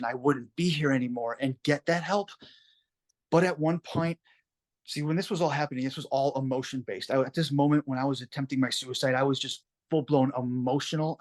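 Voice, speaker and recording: Male interview guest, mid pitch, earnest and reflective, plain-spoken storytelling. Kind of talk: personal story told in an interview.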